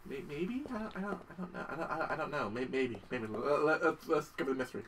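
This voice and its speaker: Young gamer guy rambling and swearing, high lively voice, off mic with background noise. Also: fast, far from the mic. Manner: excitable, profane, rambling. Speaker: gaming channel host. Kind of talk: let's play commentary.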